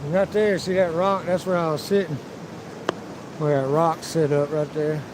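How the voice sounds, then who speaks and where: A man's voice: on the high side, level tone, normal speed, background noise. A man live-streaming while walking outdoors, telling rambling, profanity-filled stories and acting out what people said. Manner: profane, rambling storyteller who acts out quotes. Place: outdoors by a river and town streets.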